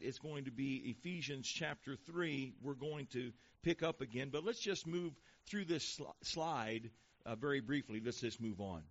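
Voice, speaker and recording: A man preaching a sermon to a congregation, reading scripture slowly and with stress on each phrase. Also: medium pitch. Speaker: pastor. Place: church before a congregation. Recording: dull lo-fi sound.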